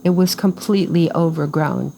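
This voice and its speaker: Older woman telling a lively story. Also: deep voice, normal speed, gravelly, slight background noise, poor audio. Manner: animated storyteller who acts out quoted voices. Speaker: farm cofounder and interview guest. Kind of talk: casual storytelling in an interview.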